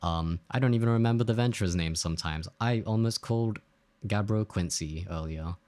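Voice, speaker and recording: A man's voice: on the low side, brisk, darkish tone. A man casually chatting while streaming a game, rambling and joking as he reads chat aloud.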